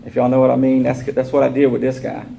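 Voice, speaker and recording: A man's voice: medium pitch, monotone, fast, dark tone. A man speaking at a recovery meeting, telling his story in a candid, casual way and acting out the dialogue. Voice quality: gravelly. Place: meeting room. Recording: noisy room recording.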